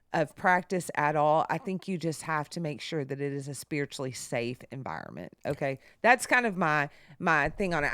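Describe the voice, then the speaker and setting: A middle-aged woman co-hosting a podcast, telling stories in a casual, animated way and jumping up high when she quotes others. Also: dry recording, studio quality. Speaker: podcast co-host. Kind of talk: casual storytelling chat.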